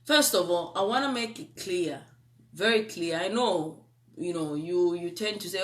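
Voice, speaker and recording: A woman's voice: lowish voice, lively intonation, moderate pace. A young adult woman with a Zambian accent giving live-streamed political commentary. She speaks emphatically, repeats herself, asks viewers rhetorical questions and mixes in local-language phrases.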